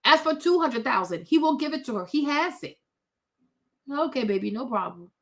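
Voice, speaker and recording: Sassy high-voiced woman commentator. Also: expressive, normal speed. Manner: blunt, sassy, talks to viewers directly. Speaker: commentary host. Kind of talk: opinionated commentary.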